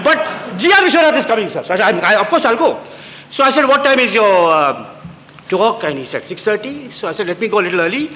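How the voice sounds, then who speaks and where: A man in his sixties from India giving an anecdotal public lecture, telling stories with quoted voices and halting restarts, in a lecture hall. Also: high-pitched, big pitch swings, pushed and bright. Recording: echoey hall.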